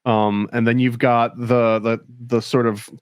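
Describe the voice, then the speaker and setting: A young adult man co-hosting a podcast, talking with enthusiasm and filling pauses with "like" and "um". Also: mid-range voice, level tone, clean tone, dry recording, clean studio sound. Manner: enthusiastic, fills with "like" and "um". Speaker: podcast co-host. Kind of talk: casual chat.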